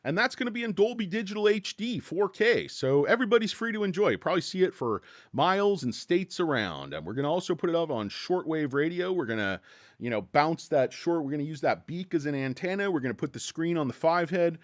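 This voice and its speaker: A man's voice: on the high side, animated, brisk, dry recording. A man hosting a casual stock livestream from his office, rambling and joking with some profanity, his mouth dry and his voice cracking. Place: hot indoor office.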